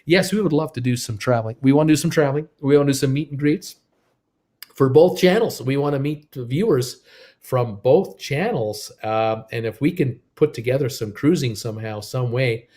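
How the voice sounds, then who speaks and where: The host of a casual live cruise news stream, broadcasting from his home in Creston, reads out viewer comments in a rambling, upbeat, jokey style and talks off-mic to his wife. His voice is mellow and medium-pitched, at normal speed.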